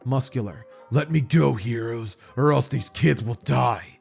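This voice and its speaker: A hulking brute of a villain taunts and threatens in a loud, bullying voice, as a man puts him on. He sounds brutal and cocky. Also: mid-range voice, measured pace, vocal fry, soft background music. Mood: taunting.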